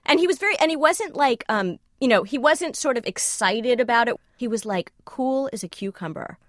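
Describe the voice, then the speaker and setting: Animated woman telling a personal story. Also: fairly high pitch, normal speed, no echo, studio quality. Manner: animated, self-questioning, acts out quoted dialogue. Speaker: storyteller guest.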